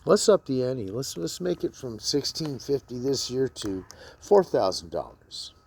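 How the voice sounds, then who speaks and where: A man's voice: medium pitch, animated, a little slow, gravelly, darkish tone, a little hiss or hum. A man and military veteran talking bluntly to camera in a rambling, profane monologue full of fillers.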